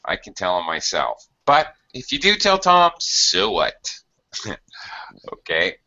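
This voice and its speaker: A low-voiced man teaches English grammar at an unhurried pace, patient and methodical, often pausing on fillers. His tone is bright and forward, and the audio is somewhat dull and lo-fi. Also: wildly swooping pitch. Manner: slow, patient explaining with many fillers. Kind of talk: online grammar lesson.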